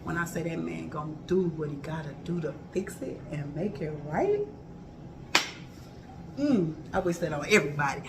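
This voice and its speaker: A woman's voice: low-pitched, lively intonation, normal speed, background noise. A woman in her thirties chatting candidly and emphatically to her viewers in her kitchen, talking in a loose colloquial way and repeating herself for emphasis. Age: 30s. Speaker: vlogger. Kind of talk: casual chat to viewers while cooking. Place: home kitchen.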